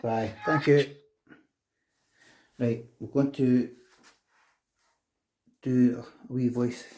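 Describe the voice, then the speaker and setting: A middle-aged man on a ghost hunt, asking slow, coaxing questions to an unseen presence inside an old castle. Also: medium pitch, flat delivery, mellow. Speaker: paranormal investigator.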